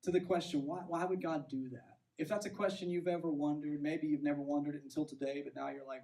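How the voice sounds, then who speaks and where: A man's voice: a little high, level tone, fast talker, gravelly, hardly any pauses, mellow, recorded from a distance, rough recording. A man preaching a sermon as pastor, conversational and self-deprecating, often checking in with "right?".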